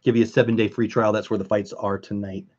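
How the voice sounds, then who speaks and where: A man's voice: fairly low pitch, level tone, fast talker, darkish tone, dull audio. A man hosting a casual live stream, chatting with viewers and answering chat as he goes.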